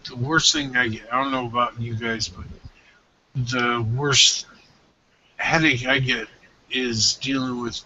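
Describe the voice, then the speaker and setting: Bright-voiced blunt man, lo-fi call. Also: medium pitch, fairly even intonation, measured pace, pauses often. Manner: blunt, swears freely. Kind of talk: casual chat. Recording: lo-fi call with faint noise.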